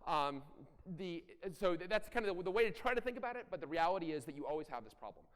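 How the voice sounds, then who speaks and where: A middle-aged man giving a conference talk, animated and blunt, with self-deprecating asides and occasional profanity. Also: high voice, fast talker, smooth. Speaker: conference speaker. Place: large conference hall. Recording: echoey hall.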